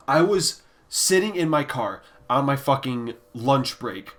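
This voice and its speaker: A man reviewing albums in a casual ranking video, ranting bluntly and with heavy swearing, sometimes sinking into quiet, deflated muttering. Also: medium pitch, expressive, measured pace. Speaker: music reviewer.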